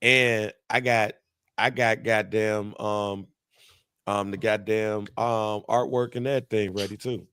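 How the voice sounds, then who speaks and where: A man's voice: on the low side, fairly even intonation, takes it slowly, a bit bright, clear, resonant tone, no echo, studio quality. A man co-hosting a casual sports podcast, blunt and joking, with plenty of profanity. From Midwest United States. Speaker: podcast co-host. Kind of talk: casual chat.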